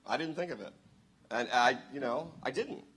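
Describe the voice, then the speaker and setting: A man telling a story in church on a handheld microphone, excitable and bursting into loud exclamations. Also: mid-range voice, moderate pace, slightly rough. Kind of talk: animated storytelling.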